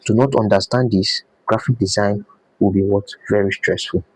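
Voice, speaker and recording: A man teaches a design class in a low, husky voice. He repeats key points and throws questions back at his students. The sound is dry and close. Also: steady tone, moderate pace, dry recording, rough recording. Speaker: design instructor. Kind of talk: live class lecture.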